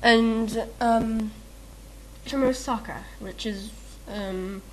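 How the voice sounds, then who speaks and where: Brief: chatty woman with a slightly high voice, rambling and self-mocking. Faint hiss under the voice. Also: steady tone, drawn-out words, a little mellow. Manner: rambling, giggly, self-mocking, lots of fillers. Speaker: video maker answering a meme questionnaire. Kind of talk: casual chat.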